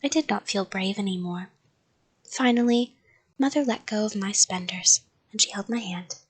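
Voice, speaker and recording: Breathy woman reading a bedtime story softly. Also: mid-range voice, normal speed. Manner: soft, half-whispered narration.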